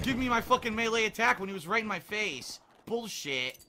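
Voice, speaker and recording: A man's voice: high voice, lively intonation, a little fast, a little hiss or hum. A young man commentating his own gameplay, ranting and swearing in exasperation. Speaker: gaming commentator. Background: faint gunfire from the game.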